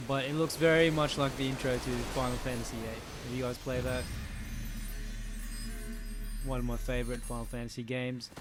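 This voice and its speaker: A man's voice: mid-range voice, level tone, moderate pace, long pauses, noisy background. A man casually commenting as he plays a video game, chatting to his viewers and joking along. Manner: chatty, talks to viewers, jokes and laughs. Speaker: gaming channel host. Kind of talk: casual let's play commentary.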